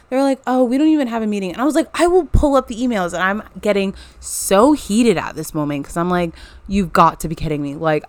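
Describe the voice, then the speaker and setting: Chatty college-age woman, clear voice. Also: medium pitch, no room sound. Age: 20s. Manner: chatty, animated retelling with lots of "like". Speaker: college student. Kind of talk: casual storytime vlog.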